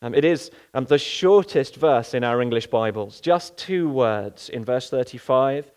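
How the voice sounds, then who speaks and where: A man's voice: mid-range voice, animated, a little slow, darkish tone, clean tone. A male pastor giving an earnest sermon, often asking rhetorical questions.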